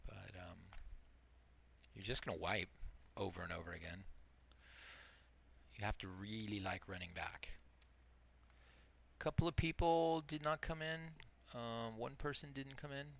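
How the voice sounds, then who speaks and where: A middle-aged man talks through his game in a low, gravelly voice with a bright, forceful edge. He rambles from tactics to asides and pokes fun at himself as he plays. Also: measured pace, long pauses. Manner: rambling, explains tactics while playing, self-deprecating. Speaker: multiboxing game streamer. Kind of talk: casual live gameplay commentary.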